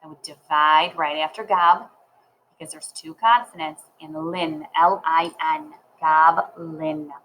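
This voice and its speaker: Slow, careful woman teaching reading. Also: sits low, steady tone, fairly bright tone, a little hiss or hum, rough recording. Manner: slow, careful, sounds words out syllable by syllable. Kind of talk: reading lesson for learners.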